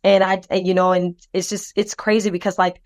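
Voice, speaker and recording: A woman with a mid-range voice talks fairly quickly on a podcast, with no room sound. Co-hosting, she tells a personal story in a loose, rambling way full of fillers and restarts, lively as she voices the other characters.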